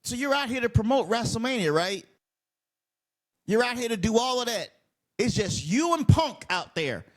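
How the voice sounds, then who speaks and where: A man's voice: extremely high pitch, very animated, moderate pace. A man ranting heatedly in a casual commentary video, swearing and repeating himself as he rambles. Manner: heated, profane, rambling and repetitive. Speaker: wrestling commentary vlogger.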